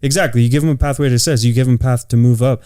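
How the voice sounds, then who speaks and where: A man's voice: mid-range voice, fairly even intonation, racing, mellow, clean tone, no room sound, clean studio sound. A man from California, co-hosting a podcast and telling work stories in a loose, profane way with lots of "like" fillers. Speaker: podcast co-host. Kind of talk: casual chat.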